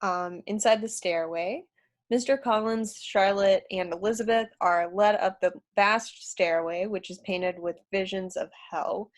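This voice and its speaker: A woman's voice: medium pitch, a little slow. A woman narrating stage directions in a script reading, a bit hesitant. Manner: hesitant, with fillers.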